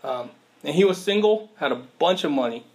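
A man delivers a sermon in a relaxed, conversational style, tossing rhetorical questions to his listeners and leaning on everyday slang. His voice sits a little higher than most men's. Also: moderate pace. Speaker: preacher.

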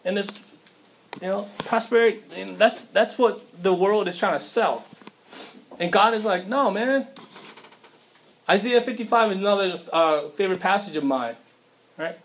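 A man's voice: sits high, normal speed, slight background noise. Casual slangy preacher man. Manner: casual, conversational preaching with slang and rhetorical questions. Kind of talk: sermon.

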